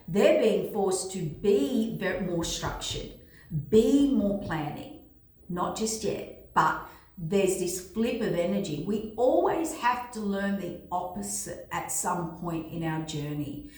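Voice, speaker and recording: A woman talking casually as a tarot reader giving a spiritual forecast, rambling and repetitive with many fillers. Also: fairly low pitch. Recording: very echoey room.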